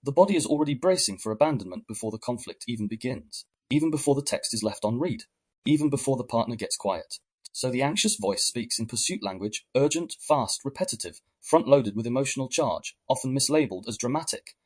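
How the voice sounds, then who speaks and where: A man hosting a podcast, giving measured, reflective scripted narration. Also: medium pitch, animated. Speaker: podcast host.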